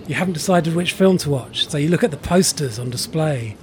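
A man's voice: fairly high pitch, lively intonation, a little fast, darkish tone, slight background noise. A man hosting a horror podcast, reading a wry scripted intro and then chatting casually. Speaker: podcast host.

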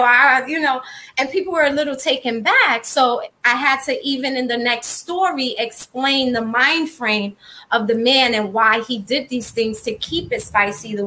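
Bright high-voiced woman chatting frankly. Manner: frank, chatty, reads viewer comments aloud. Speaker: podcast co-host and blogger. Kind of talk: candid casual chat.

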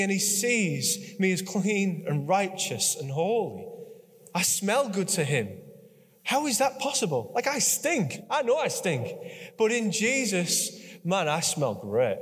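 A man with a high-pitched voice preaches a sermon, earnest and conversational, circling back to the same phrases and coaxing the congregation to speak along. His words ring out with a long reverb, as in a large church hall. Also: a bit bright. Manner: earnest, repetitive and conversational, with audience prompts.

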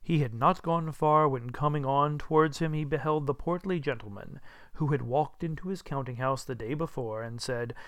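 A man narrating a classic story in an expressive, storytelling manner. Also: a little high, normal speed, no room sound. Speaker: audiobook narrator. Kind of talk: scripted narration.

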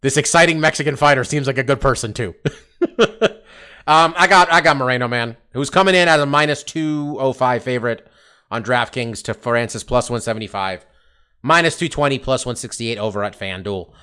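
A man's voice: medium pitch, pushed and bright, smooth. A man hosting a podcast, chatting casually about fights with lots of laughing and some swearing. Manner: laughing, swearing, quick banter. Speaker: podcast host.

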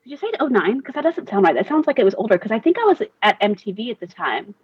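A woman's voice: mid-range voice, very animated, fast, breathy edge, dry recording. A woman telling a rambling story in casual chat, full of "like" and "you know" as she talks. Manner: rambling storyteller, says "like" a lot. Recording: dull dry recording.

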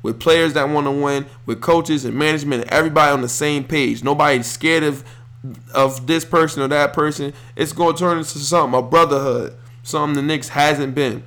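A man's voice: on the high side, a little fast. A man hosting a sports podcast, talking bluntly and with a lot of energy in casual slang. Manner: animated, streetwise and blunt. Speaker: podcast host.

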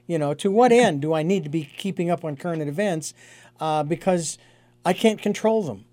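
A man hosting an interview, speaking reflectively and haltingly, with frequent restarts. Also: on the high side, dark tone, dry recording. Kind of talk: conversational interview.

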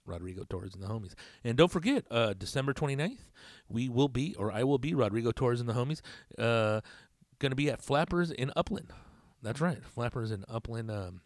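A man's voice: mid-range voice, animated, brisk, no echo, clean studio sound. A man hosting a podcast in casual chat, rambling, swearing a lot and laughing at his own jokes. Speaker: podcast host.

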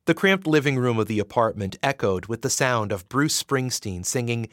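A man narrating a romance audiobook in an expressive, measured way. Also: medium pitch, no echo, clean studio sound.

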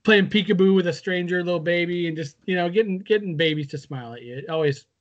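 A man's voice: high-pitched, fast talker, highs cut off. A young man from the Seattle area co-hosting a podcast over a video call, talking in an easygoing, agreeable way. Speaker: podcast co-host. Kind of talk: casual chat.

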